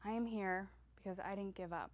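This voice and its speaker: A middle-aged woman giving a heartfelt motivational talk, speaking earnestly with slow emphatic affirmations. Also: mid-range voice, muffled recording.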